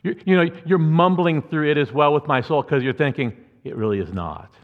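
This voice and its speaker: A man's voice: fairly high pitch, fairly quick. A man preaching a sermon as pastor, conversational and earnest, with asides to the congregation. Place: church sanctuary. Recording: muffled church hall reverb.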